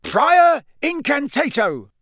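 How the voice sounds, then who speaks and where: Man voicing a middle-aged male wizard official, blustering, barking, accusatory, lively pitch. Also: measured pace, no echo, clean studio sound, heavily acted. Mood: accusing. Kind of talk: audiobook character voice.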